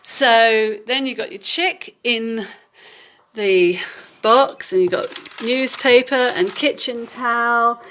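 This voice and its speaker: A woman giving a casual home tutorial, explaining gently with many hesitant ums. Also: on the high side, slow pace, slight background noise. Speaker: home demonstrator.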